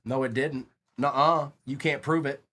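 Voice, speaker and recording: A man calls out cards one by one during a live trading card break, keeping up lively, casual talk with viewers. He uses a mid-range voice at a moderate pace.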